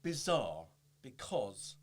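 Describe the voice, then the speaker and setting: A man's voice: medium pitch, slow. A man, an impressionist, telling anecdotes animatedly in a casual interview and slipping into voices as he goes. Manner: animated storytelling, jumps into voices, laughs often. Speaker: guest, impressionist.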